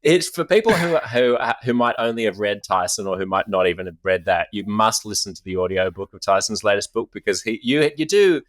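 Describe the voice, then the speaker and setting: A man hosting an interview podcast, animated, laughing often and restarting his sentences. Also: lowish voice, a little fast, few pauses, no echo, studio quality. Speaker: podcast host. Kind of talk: conversational interview. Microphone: studio microphone, headphones.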